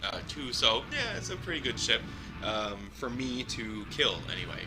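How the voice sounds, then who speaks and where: A man giving casual, rambling live commentary over his own gameplay, chuckling often and filling pauses with ums. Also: medium pitch, big pitch swings, over music.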